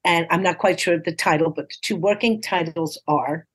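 A woman in her sixties from New York City, a comedian telling stories as a podcast guest in a lively, encouraging, punchline-driven way, often acting out quoted dialogue in playful voices. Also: lowish voice, normal speed, slightly rough. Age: 60s. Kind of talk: casual interview storytelling.

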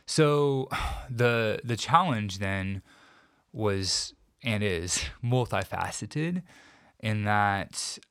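A man as an interview guest, recounting a painful personal story in a reflective, halting way with many restarts. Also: fairly low pitch, animated, a bit bright, clean tone, no room sound, studio quality.

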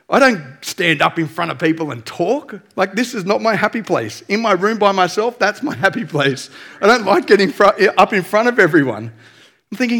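A man's voice: a little high, fairly bright tone. A male pastor preaching a conversational sermon, telling stories in a candid, self-deprecating way.

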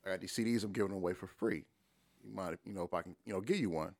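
Animated man telling profane street stories. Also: rapid-fire, gravelly, dry recording, studio quality. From Detroit. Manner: animated, profane, acts out quotes with big pitch jumps. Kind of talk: casual storytelling.

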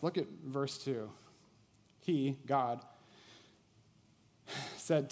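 A man preaching a sermon in a conversational way, asking his listeners questions and dropping to a quiet intensity on key points. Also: medium pitch, a little slow, pauses often. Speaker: pastor. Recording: long reverb of a large hall.

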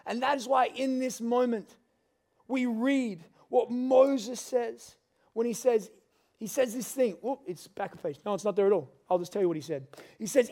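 A male pastor delivers a sermon with a high-pitched voice. He moves between earnest exhortation and relaxed, conversational storytelling. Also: normal speed, pauses often.

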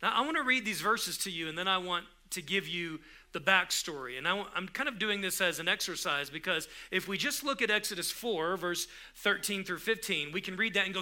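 A man's voice: high-pitched, animated, normal speed, bright, forceful tone. A man preaching a sermon in a conversational way, often restarting his sentences and rising to emphatic bursts. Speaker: pastor.

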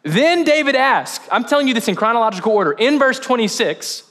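A man's voice: very high-pitched, lively intonation, a little fast, few pauses, a bit bright. A male pastor giving a casual, chatty sermon at a church service, quizzing the congregation as he goes. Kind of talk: conversational sermon.

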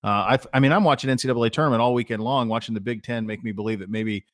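A middle-aged man co-hosts a podcast in casual chat, telling rambling stories and often restarting his sentences. His mid-range voice comes rapid-fire, recorded with studio quality and no room sound.

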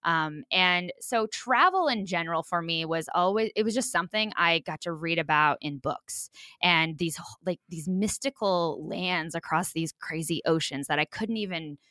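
Casting: talkative woman in her forties, from Kansas, lowish bright voice, dry close sound. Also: normal speed, dry recording. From Kansas, USA. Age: 40s. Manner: chatty, animated, frequent fillers like "you know". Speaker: guest. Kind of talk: storytelling in a casual interview.

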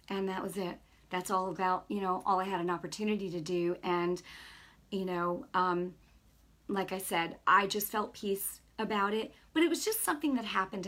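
A woman sharing a casual spoken testimony as a Christian speaker. She tells the story in a rambling way, with many fillers and restarts, and her tone shifts from bright excitement to soft earnest moments. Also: medium pitch.

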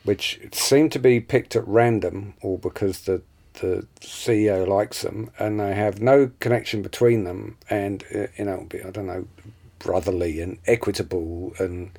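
A man's voice: lowish voice, steady tone, normal speed, gravelly, dark tone. A man from the advertising world talking casually, often repeating words as he starts a thought. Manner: stammering, repeats words when starting sentences. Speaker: advertising professional. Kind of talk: casual conversation.

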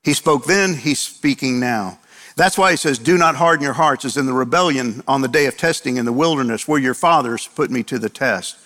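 A man's voice: mid-range voice, a little fast, pushed and bright. A male preacher delivering a sermon, driving points home with repeated phrases and rhetorical questions he answers himself. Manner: emphatic repetition and rhetorical questions. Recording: long hall reverb.

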